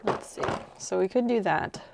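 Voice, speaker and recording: A woman's voice: medium pitch, normal speed, gravelly, background noise. A woman streaming live while she crafts, musing aloud as she works and answering her viewers' chat in a casual way.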